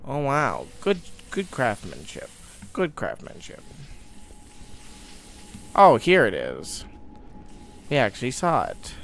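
A man's voice: mid-range voice, wildly swooping pitch, unhurried, fairly bright tone, a little hiss or hum. A young man commenting on a horror game as he plays, muttering to himself with sudden startled outbursts. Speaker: gaming YouTuber.

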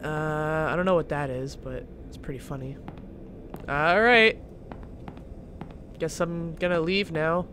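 A man's voice: on the high side, slow pace, long pauses, pushed and bright, slight background noise. A young man commentating a horror game he is playing, joking around, swearing and yelping at the scares. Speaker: gaming channel host.

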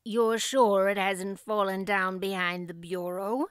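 A woman voicing a shy, mild older farmer who speaks hesitantly and softly. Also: medium pitch, fairly even intonation, clear, resonant tone, dry recording, studio quality, natural voice. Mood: forlorn. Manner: hesitant, soft, drawn-out "well, now".

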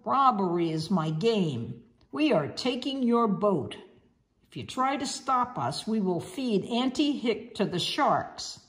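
Woman voicing a snarling storybook rat villain, gruff, menacing, slow and sing-song. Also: medium pitch, sing-song. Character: snarling male rat robber.

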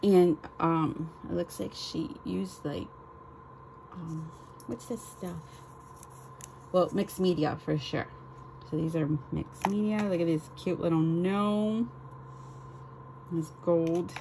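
A woman's voice: mid-range voice, fairly even intonation, slow pace, gravelly, long pauses, dark tone, a little hiss or hum, poor audio. A woman chatting casually as she unboxes craft swap items on her vlog, gushing and exclaiming over each one. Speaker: crafting vlogger.

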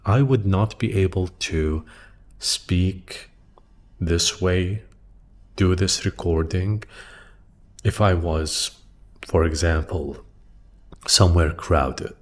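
A man hosting a reflective solo podcast, speaking thoughtfully and hesitantly into a microphone in a quiet room, often restarting and trailing off softly. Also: deep voice, slow pace, pauses often. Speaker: podcast host. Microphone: studio microphone.

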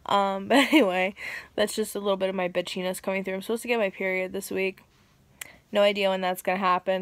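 A young woman talks straight to the camera in a casual vlog and swears without a second thought. Her voice sits at a middle pitch. The sound is close and dry, with no room echo. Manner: chatty and frank, swears freely. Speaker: vlogger. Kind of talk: casual chat.

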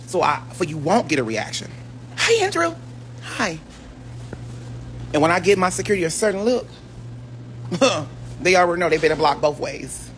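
A man ranting on a casual phone livestream, flamboyant and sassy, with sudden shrieks and high exclamations. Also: animated, a little fast, a bit bright, a little hiss or hum. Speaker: social media personality on a livestream.

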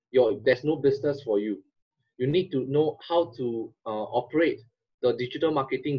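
A man explains e-commerce in a webinar, direct and explanatory. His voice is somewhat husky. The sound comes through muffled and lo-fi, as over a video call. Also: medium pitch. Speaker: e-commerce consultant. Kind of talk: webinar presentation.

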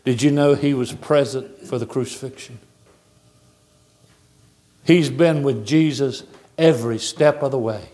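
A man's voice: mid-range voice, unhurried, long pauses, warm tone. A man, preaching a fervent church sermon as pastor and asking the congregation rhetorical questions. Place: church sanctuary.

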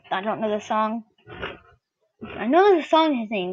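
A woman's voice: high voice, a little slow, lo-fi sound. A woman doing casual game commentary while opening card packs, swearing freely and shrieking whenever a good player shows up. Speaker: gaming video creator.

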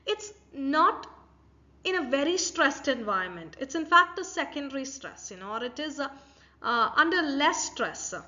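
A woman's voice: high voice, very animated, moderate pace, pushed and bright. A woman with an Indian English accent giving a university lecture, explaining step by step and asking rhetorical questions. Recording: dull lo-fi recording.

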